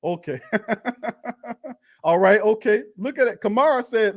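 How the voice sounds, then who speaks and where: Excitable man doing fan play-by-play. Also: high-pitched, slow, long pauses. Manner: animated, slangy, talks to chat. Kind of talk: excited watch-party commentary.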